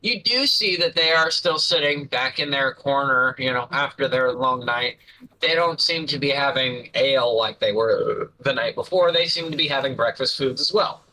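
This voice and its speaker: A man running a tabletop game as game master, describing the scene in an unhurried, musing way with frequent fillers. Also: medium pitch, sharp tone, slight background noise, low-quality recording.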